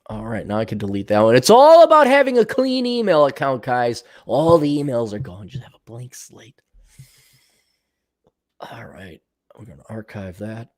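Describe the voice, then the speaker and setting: A man's voice: mid-range voice, sing-song, moderate pace, darkish tone. An American man in his forties hosting a livestream, answering viewer questions in a blunt, profane, sarcastic rant. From United States. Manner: blunt, profane, sarcastic, mocks others in mimicking voices.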